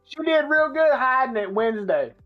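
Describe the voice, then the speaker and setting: A man hosting a podcast, telling a story in a casual, profane and animated way. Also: very high-pitched, moderate pace. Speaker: podcast host. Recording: slightly muffled with faint music.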